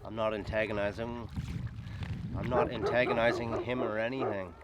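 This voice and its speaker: A man's voice: on the low side, flat delivery, moderate pace. A man talking casually to his camera while paddling outdoors on a river, joking to himself as he goes. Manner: chatty, joking, talks to himself. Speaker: vlogger. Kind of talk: casual outdoor vlog narration. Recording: noisy outdoor camera audio.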